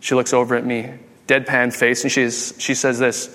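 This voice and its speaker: A man's voice: mid-range voice, normal speed. A man in his thirties preaching a humorous sermon, telling jokey stories and acting out quotes. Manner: animated, jokey, acts out quotes. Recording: long hall reverb.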